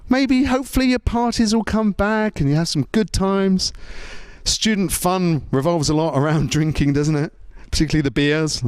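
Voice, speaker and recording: A man's voice: high-pitched, normal speed, smooth, dry recording, clean studio sound. A man from Britain with a British accent, doing a jokey stand-up routine as a comedian and MC, acting out little voices. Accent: British English. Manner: animated, jokey, acts out voices.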